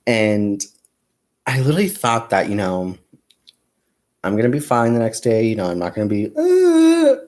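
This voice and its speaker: This young man's voice is low-pitched with a darkish tone as he hosts a casual crafting livestream. Crocheting, he counts stitches aloud, tells laugh-filled stories, and refers to viewers as "you guys" and "y'all."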